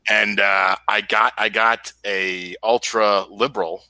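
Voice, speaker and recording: A male podcast guest with a lowish voice and a sharp, forceful tone, recorded dry. He tells stories in a provocative way and laughs at his own jokes. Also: fairly even intonation, slow pace, dry recording, low-quality recording. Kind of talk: casual podcast chat.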